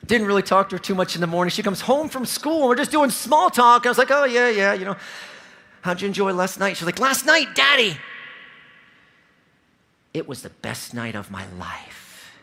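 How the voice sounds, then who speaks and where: A man in his forties gives an energetic keynote from a convention stage. His voice sits high for a man, and his pitch swings widely as he tells his stories. His tone is bright and forceful as he pulls the audience in. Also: brisk, slight background noise. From Ohio. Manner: energetic, storytelling, audience-engaging. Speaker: keynote speaker. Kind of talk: motivational keynote speech. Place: large convention hall stage.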